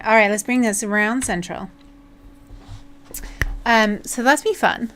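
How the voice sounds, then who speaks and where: Southern English woman, coding streamer, playful banter, a touch high, unhurried. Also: expressive, a bit bright, faint music behind. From England. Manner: playful, chatty, slips into silly voices and jokes. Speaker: software developer streaming her coding. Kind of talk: casual livestream chat.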